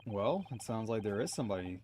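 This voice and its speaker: A man voicing a polite young male lawyer hero, reading game dialogue aloud in a soft, overly courteous, hesitant way. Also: lowish voice, expressive, fast, a little hiss or hum, natural voice.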